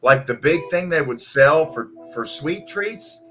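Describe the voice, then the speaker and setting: A man's voice: a little high, lively intonation, unhurried, pushed and bright. A man co-hosting a podcast at a restaurant party, joking around playfully. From lived in Ecuador. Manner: playful, slips into Spanish. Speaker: podcast co-host. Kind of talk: casual chat. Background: guitar music.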